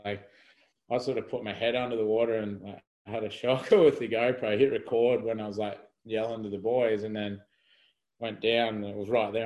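Rambling young man, low voice. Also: darkish tone, poor audio. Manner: rambling, filler-heavy, laughing through the story. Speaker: podcast guest, spearfisher. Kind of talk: casual storytelling in conversation.

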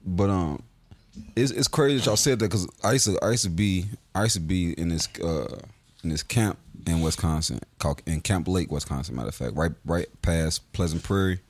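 A man co-hosting a podcast, telling a story in relaxed casual chat. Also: low-pitched, brisk. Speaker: podcast co-host.

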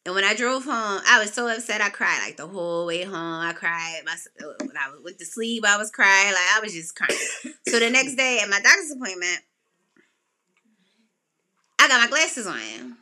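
A woman hosting a podcast, telling a personal story in a casual way and acting out what people said with sudden jumps in pitch. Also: moderate pace. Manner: animated, acts out quotes with big pitch jumps. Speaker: podcast host.

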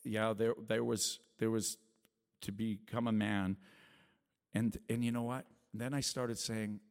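Speaking a little slowly in a level, creaky, slightly mellow voice, a man in his forties gives an earnest testimony sermon to a small church. He rambles, restarts many times, and acts out quotes that climb high, all under a long reverb tail.

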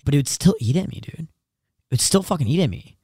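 Young man, podcast co-host, rapid-fire, profane, confessional, slightly high voice, dry close sound. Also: animated, mellow, slightly rough, no echo. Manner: fast, profane, confessional, acts out quotes. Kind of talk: candid casual chat.

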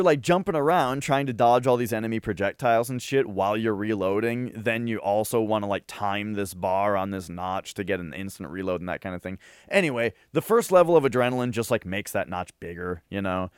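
A man in a casual podcast chat who rambles excitedly, with lots of fillers and restarts. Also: on the low side, a little fast, clean tone, dry recording, studio quality. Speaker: podcast co-host.

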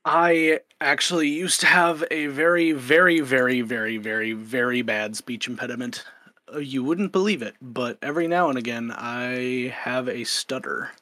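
A man's voice: mid-range voice, moderate pace, pushed and bright, no echo. A man with a slight stutter, speaking candidly and with self-deprecating humor in a casual podcast chat.

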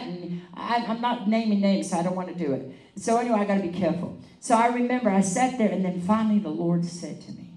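Woman, evangelist, animated sermon storytelling, roomy echo, distant mic. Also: medium pitch, fairly quick. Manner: animated, laughing storyteller acting out quotes. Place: meeting hall. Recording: echoey room, mic at a distance.

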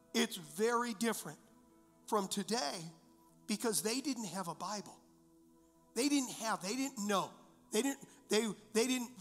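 A man's voice: high-pitched, a bit bright, big-room sound. A male pastor preaching a sermon, emphatic and repetitive, full of rhetorical questions. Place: church.

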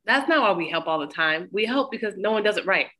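A woman's voice: medium pitch, lively intonation, fast talker, bright, forceful tone. A woman co-hosting a podcast in casual, playful chat, laughing often. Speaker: podcast co-host.

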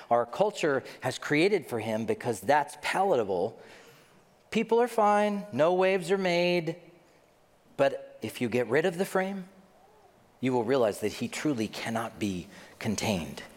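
A middle-aged man preaching a sermon as a pastor, telling stories with self-deprecating humor. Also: medium pitch. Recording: long hall reverb.

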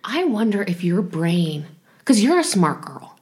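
Lively woman teasing and laughing. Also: medium pitch, measured pace. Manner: animated, teasing, laughs often. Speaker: podcast co-host. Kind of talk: casual film review chat.

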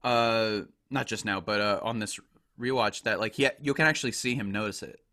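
A man's voice: lowish voice, normal speed, bright, forceful tone. A man co-hosting a casual podcast chat, enthusiastic and rambling, full of "like" fillers. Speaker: podcast co-host.

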